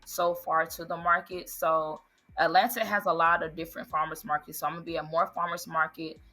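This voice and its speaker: A woman's voice: deep voice, flat delivery, brisk, sharp tone. A woman who owns an ice cream business, answering interview questions earnestly and politely. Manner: earnest, answers with "yes, sir". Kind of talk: interview guest.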